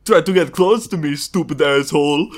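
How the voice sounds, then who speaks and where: A man's voice: on the high side, moderate pace, slight background noise. A man co-hosting a podcast, bantering and improvising silly role-play with friends. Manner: playful, laughing, mock-dramatic. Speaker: podcast co-host.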